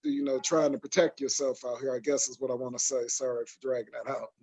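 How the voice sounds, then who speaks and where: Speaking fast in a level, mid-range voice that is slightly mellow and a little rough, a Michigan man hosts a casual podcast. He rambles on with lots of fillers and restarts. The audio is dull and lo-fi.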